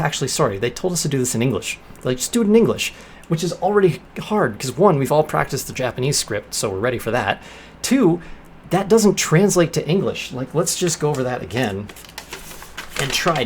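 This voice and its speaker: Animated young man telling a story. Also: mid-range voice, a little hiss or hum. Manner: animated, acts out quoted lines in bursts. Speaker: vlogger. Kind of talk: casual storytelling vlog.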